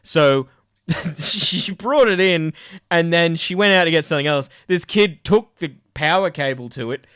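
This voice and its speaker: A man's voice: a little high, a little slow, a bit bright, clear, resonant tone, no echo, studio quality. An Australian man streaming, telling school stories with plenty of laughs and swearing. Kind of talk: casual chat on a live stream.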